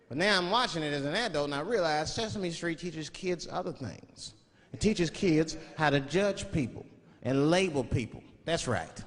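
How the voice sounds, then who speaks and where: A man's voice: on the high side, animated, moderate pace. A male stand-up comedian telling a profane story in a loose, rambling way, acting out quotes, recorded live on stage. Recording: live show with loud audience noise.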